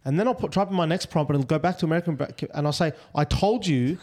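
A young man, talking fast and animated on a casual podcast, swearing and acting out exchanges. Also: a little high. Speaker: podcast co-host. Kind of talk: casual chat.

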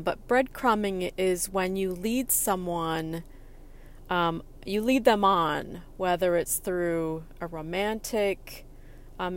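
A middle-aged woman telling a personal anecdote in an animated, chatty way, with fillers and restarts. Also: fairly low pitch.

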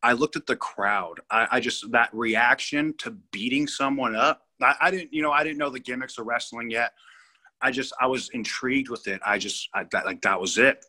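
A man's voice: medium pitch, normal speed, sharp tone. A man in his thirties from California, a guest telling a story in an interview, rambling and emphatic with many restarts. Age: 30s.

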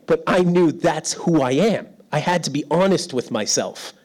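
A man's voice: fairly high pitch, expressive, moderate pace, a little mellow. A middle-aged man preaching a sermon in a church hall, telling stories about himself and laughing often. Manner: storytelling, self-deprecating, laughs often. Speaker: pastor. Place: church hall without windows.

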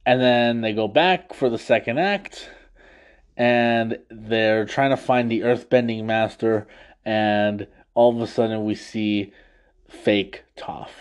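A man on an after-show, recapping an episode in casual talk, laughing often and slipping into quick funny voices for the lines he quotes. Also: lowish voice, steady tone, clear, resonant tone. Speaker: podcast host recapping an episode.

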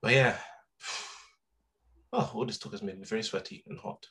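A young man co-hosting a podcast, chatting casually and telling stories in animated slang. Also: lowish voice, normal speed. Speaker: podcast co-host. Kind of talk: casual chat.

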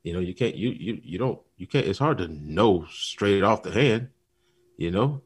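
A man co-hosting a casual talk show, telling a story with animated retellings and acted-out lines. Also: low voice, normal speed, breathy edge. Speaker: podcast co-host. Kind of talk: casual chat.

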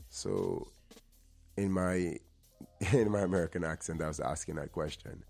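Speaking low and creaky with a breathy, slightly mellow edge, this man varies his intonation in a lively way at a moderate pace while faint music plays behind him. He's an actor and show host from Trinidad and Tobago, based around LA, telling personal stories in an earnest motivational talk and repeating words now and then to drive a point home.

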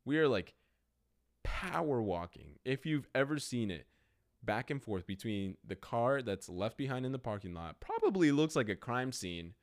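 A young man runs a podcast in a mid-range voice at a moderate pace, spinning a rambling story. He keeps it casual and animated, filling it with "like."

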